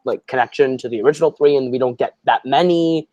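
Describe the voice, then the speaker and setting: A man joining as guest on a casual movie review, talking in an easygoing way with drawn-out filler words. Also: medium pitch, dark tone, dry recording, highs cut off.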